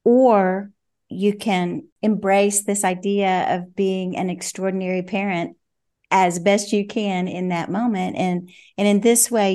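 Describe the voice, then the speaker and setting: An older woman, a parenting coach, giving reflective, measured answers in a podcast interview, often saying "you know". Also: mid-range voice, mellow.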